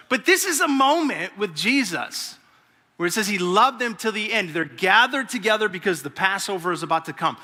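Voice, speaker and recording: A man's voice: high voice, fairly quick. A man in his forties, a pastor, telling a personal story in a sermon and acting out the quotes as he goes. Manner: storytelling, animated, acts out quotes. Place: large church hall. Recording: long hall reverb.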